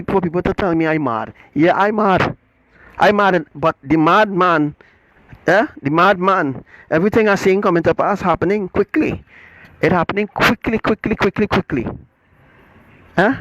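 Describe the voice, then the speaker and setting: A middle-aged man, preaching in a forceful, repetitive livestream rant that keeps asking "right?". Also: high voice, no room sound, poor audio. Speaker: self-styled religious teacher.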